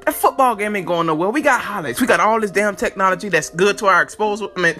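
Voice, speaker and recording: A man's voice: high-pitched, fast, bright, forceful tone, soft background music. A man hosting a podcast, talking straight to his listeners in a loose, profane, casual way. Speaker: podcast host. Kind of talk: casual comic storytelling.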